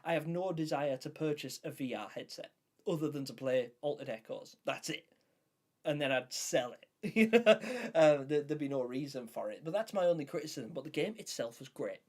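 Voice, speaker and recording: A man's voice: a little high, brisk, a little mellow. A man hosting a live stream, chatting casually and enthusiastically while answering viewers in the chat. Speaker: livestream host.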